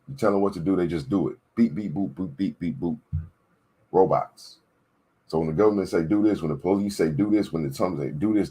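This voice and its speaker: A man with a very low voice that carries a husky edge gives a political rant. He hammers points home by repeating them and keeps checking in with whoever is listening. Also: darkish tone. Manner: emphatic, repetitive, preachy. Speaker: political commentator. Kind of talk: ranting commentary.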